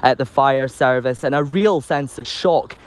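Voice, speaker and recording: Male field reporter, measured sombre delivery, live news report. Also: mid-range voice.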